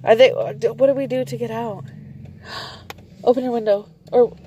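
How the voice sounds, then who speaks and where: A woman's voice: fairly high pitch, moderate pace, dull audio, slight background noise. A woman chatting on a live stream from inside a car on a rainy night, joking, swearing and laughing a lot into her phone. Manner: excitable, jokey, swears, laughs often. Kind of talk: casual live-stream chat. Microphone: phone held in hand.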